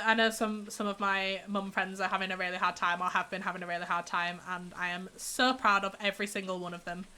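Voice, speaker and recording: A woman's voice: medium pitch, pushed and bright. A young woman with a cold, chatting casually with her viewers on a live game stream and answering their messages. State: has a cold, congested. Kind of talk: casual live-stream chat while gaming.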